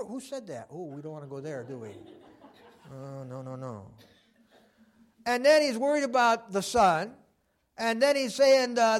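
A man preaching a sermon, animated, acting out quoted voices with many fillers. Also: sits high, moderate pace.

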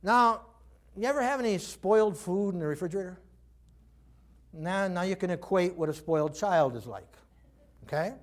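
Older male pastor, high-pitched, animated sermon delivery with acted-out voices and laughter. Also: moderate pace, pauses often. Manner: animated, acts out quoted voices, laughs often.

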